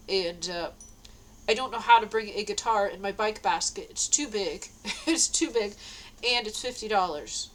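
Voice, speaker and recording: A woman's voice: medium pitch, a bit bright, low-quality recording. A woman talking straight to the camera in a casual, rambling monologue, repeating herself and laughing between lines. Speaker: vlogger.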